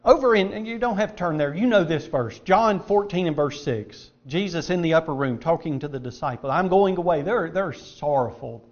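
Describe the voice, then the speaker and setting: Emphatic high-voiced man preaching. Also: animated, moderate pace, hardly any pauses, highs cut off. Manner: emphatic, repeats words for stress. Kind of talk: sermon. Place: auditorium.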